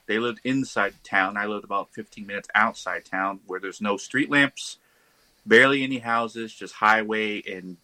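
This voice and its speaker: Bright-voiced man telling a spooky story. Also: lowish voice, no echo, low-quality recording. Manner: animated, acts out quoted voices. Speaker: guest. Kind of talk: casual storytelling.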